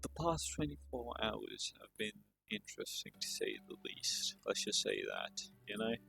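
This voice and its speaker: A man's voice: fairly low pitch, huge pitch swings, moderate pace, gravelly, bright, forceful tone, faint music behind. A male streamer chatting casually on a live stream, tired and rambling in a self-deprecating way.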